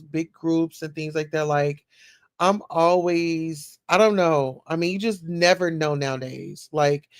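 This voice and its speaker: A woman's voice: fairly low pitch, no room sound, studio quality. A woman hosting a casual livestream, chatting as she reads news and viewer comments aloud and reacts to them. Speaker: livestream host.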